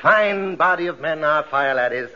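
An actor playing a pompous, pedantic theater manager in a 1940s radio comedy, speaking in flowery, long-winded phrases. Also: male voice, on the high side, animated, normal speed, bright, forceful tone, dull audio. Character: pompous fussy man, grammar pedant and coward. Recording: scratchy old radio broadcast with hiss.

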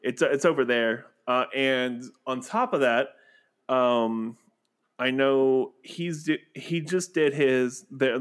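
A man's voice: medium pitch, a bit bright. A man from Texas co-hosting a podcast in casual chat, rambling and correcting himself as he talks. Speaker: podcast co-host.

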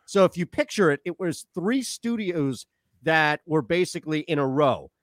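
A man from Philadelphia with a somewhat high voice tells a story on a sports radio show. His studio sound is dry and close, and he delivers the story in a loose, animated way. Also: moderate pace, dry recording. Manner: animated anecdote-telling with laughs. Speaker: radio co-host.

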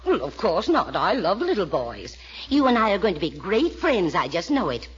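A woman's voice: on the low side, huge pitch swings, normal speed, slightly rough, full character voice. A gushing, fussy older mother. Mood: sugary. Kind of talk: 1940s radio acting. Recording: dull lo-fi old radio recording.

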